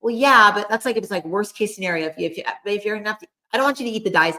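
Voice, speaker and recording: A woman's voice: mid-range voice, very fast, bright, forceful tone. A middle-aged woman co-hosting a casual chat, talking in a rambling way full of fillers while relaying what spirits tell her. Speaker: co-host, psychic medium. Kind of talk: casual chat, channeling messages.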